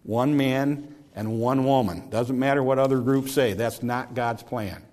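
A man's voice: mid-range voice, steady tone, a little slow, a little mellow. A man preaching a sermon in a conversational way, often repeating words and restarting his sentences.

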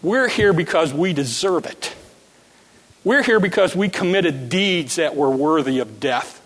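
A humble condemned thief speaks soberly and earnestly, pleading for mercy, as a preacher acts him out. His tone is bright and a little high. A long hall reverb hangs after each phrase. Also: lively intonation, measured pace. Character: repentant crucified thief, grown man, humble and earnest.

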